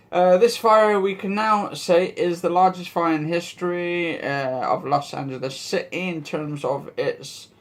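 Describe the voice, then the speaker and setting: A man's voice: high voice, a bit bright. A man hosting a casual news commentary vlog, rambling and joking as he talks and swearing now and then. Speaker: vlog host.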